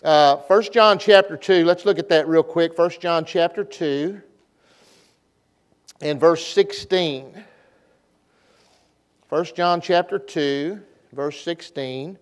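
A man's voice: on the high side, takes it slowly, long pauses, clear, resonant tone. A middle-aged man, a pastor preaching at a revival meeting in a church, folksy and repetitive, leading the congregation in call-and-response. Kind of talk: revival sermon. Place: church sanctuary.

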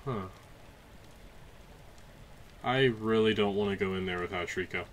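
A young man casually commentating a video game, chatty and jokey, with loud excited outbursts. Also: lowish voice, unhurried. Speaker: let's play host. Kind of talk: gameplay commentary.

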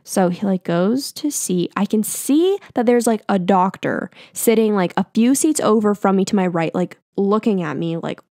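Young woman podcast host, gravelly fry, dry close sound, chatty storyteller who swears. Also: medium pitch, lively intonation, moderate pace, few pauses, dark tone, dry recording. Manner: chatty, swears, many fillers and restarts. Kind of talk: casual storytelling.

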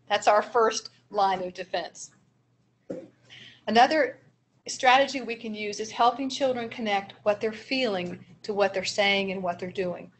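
A woman's voice: medium pitch, slight background noise. A woman presenting a training seminar for early childhood educators, explaining strategies with step-by-step examples in an encouraging manner.

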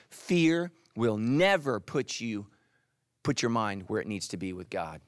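Animated preaching man, dry sound. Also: fairly low pitch, unhurried, dry recording. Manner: animated, addresses listeners directly. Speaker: pastor. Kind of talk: sermon.

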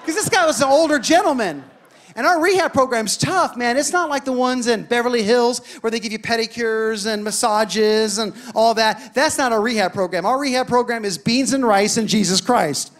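High-voiced preaching man. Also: moderate pace. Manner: animated, building to shouted declarations. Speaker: pastor. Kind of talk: sermon storytelling.

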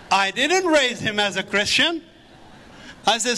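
A man's voice: extremely high pitch, lively intonation, unhurried, pushed and bright, slight background noise. Fervent middle-aged man preaching in a hall. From Middle East. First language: Arabic. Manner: fervent preaching with exclamations of praise. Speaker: guest speaker. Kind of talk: sermon-style testimony. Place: large church hall with audience. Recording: echoey hall with audience.

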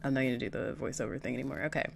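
A woman's voice: extremely low pitch, racing, vocal fry, noisy background. A young woman casually talking through a game as its host, chatty and reactive. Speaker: gaming channel host. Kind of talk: casual gameplay commentary.

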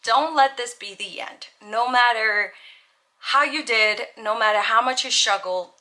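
A woman's voice: fairly high pitch, measured pace, sharp tone. A young woman vlogger talking casually and earnestly to camera, peppering her speech with "like". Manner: chatty, earnest, lots of "like". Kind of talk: casual vlog monologue.

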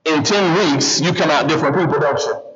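High-voiced man preaching a lively sermon. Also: fairly quick, soft background music. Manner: animated, keeps questioning the congregation. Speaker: guest pastor preaching. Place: church sanctuary with congregation. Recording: slightly dull church recording with audible congregation.

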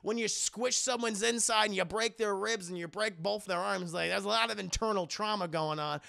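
A young man streaming, recapping a show to his live chat in an animated, profane way. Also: sits high, normal speed, vocal fry. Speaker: streamer, anime reviewer.

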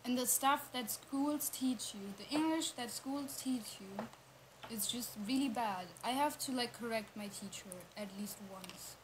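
A young woman co-hosts a live chat in English, stating her opinions firmly and leaning on "like" as she talks. Her voice sits a little high. A clear steady hiss runs behind her. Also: unhurried. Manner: opinionated, emphatic, filler "like". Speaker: livestream co-host. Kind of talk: casual chat.

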